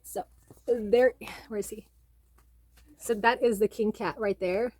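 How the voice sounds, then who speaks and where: A chatty woman vlogger talking at a middle pitch, close to the mic. She rambles casually through a story retelling, with plenty of fillers. The sound is dry, with no room echo. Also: steady tone, slow pace, a little mellow. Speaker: book and manga vlogger.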